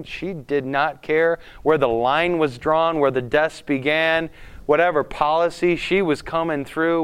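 A man preaching a conversational sermon as a pastor, often putting questions to the congregation in an animated way. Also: on the high side, clear, resonant tone.

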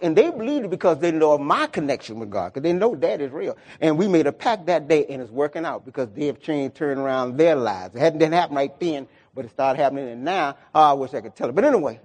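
Preaching a sermon, a middle-aged male pastor grows emotional, repeats lines and rises into exclamations. His pitch is fairly high and his tone darkish.

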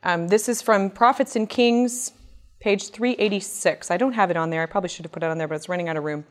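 A woman giving an earnest, expressive Bible teaching that reads scripture aloud in a measured tone. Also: medium pitch. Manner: earnest and expressive, voice rising with emphasis. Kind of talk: sermon-style Bible teaching.

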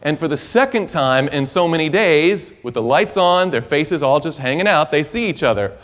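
A man preaching a sermon, telling a story in an animated, conversational way that is full of restarts. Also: fairly high pitch, moderate pace, few pauses, a little hiss or hum.

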